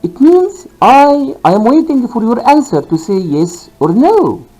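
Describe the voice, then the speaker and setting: Slow, lively-pitched male teacher. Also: faint music behind, low-quality recording. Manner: deliberate, repeats key phrases, fillers. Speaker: linguistics teacher. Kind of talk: recorded lecture.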